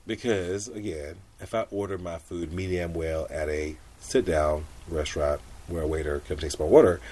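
A middle-aged man hosting a podcast, telling a story in a chatty, animated way with frequent laughs. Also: measured pace. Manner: animated, chatty, laughs often, jumps high for exasperated quotes. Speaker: podcast host. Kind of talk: casual storytelling monologue.

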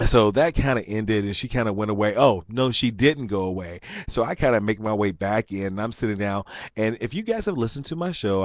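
A man's voice: on the low side, no room sound. A man hosting a show, telling a long story in a chatty way, laughing often and speaking asides to his listeners. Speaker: show host. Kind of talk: casual storytelling monologue. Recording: dry, slightly dull lo-fi sound.

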